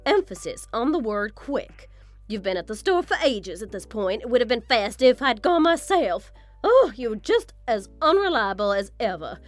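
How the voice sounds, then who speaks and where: A woman's voice: a little high, big pitch swings, moderate pace, soft background music. A woman voicing a vain, scornful mother-in-law in a scripted text-story drama, talking down to her daughter-in-law. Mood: impatient. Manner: condescending, self-admiring.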